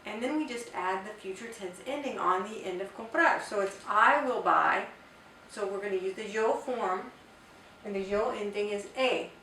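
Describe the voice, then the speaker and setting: A woman's voice: mid-range voice, fairly bright tone. Woman teaching in a roomy space. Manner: clear, patient, spells out examples. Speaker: Spanish teacher. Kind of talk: explanatory language lesson. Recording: roomy, distant mic, faint hiss.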